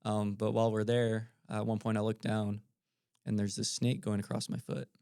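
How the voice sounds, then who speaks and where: Gravelly low-voiced man telling stories. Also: moderate pace, no echo, clean studio sound. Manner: relaxed, animated storyteller with filler ums. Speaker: podcast guest, missionary. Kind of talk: casual storytelling.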